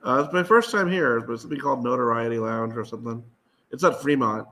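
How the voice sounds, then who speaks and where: A man with a bright, crisp edge to his voice, talking as a comedian on a casual chat show. His replies are short and easygoing, at a middling pitch. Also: fast. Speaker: comedian co-host.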